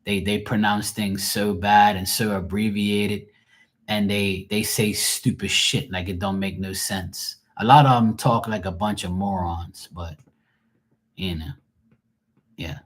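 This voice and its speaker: A man's voice: on the low side, steady tone, measured pace. A middle-aged man with a Bermudian accent, a tarot reader rambling casually to his livestream viewers with plenty of profanity and frequent laughs.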